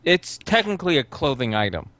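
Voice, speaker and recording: A man's voice: a little high, sing-song, brisk, fairly bright tone, dry recording. A man playing in a casual tabletop role-playing session, speaking bluntly. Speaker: player.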